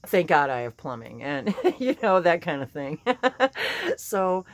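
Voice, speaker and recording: A woman with a slightly hoarse morning voice, giving a casual spiritual talk, chatty and laughing often, with many fillers and restarts. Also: low voice, sing-song, measured pace, dry recording. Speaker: spiritual channeler and teacher.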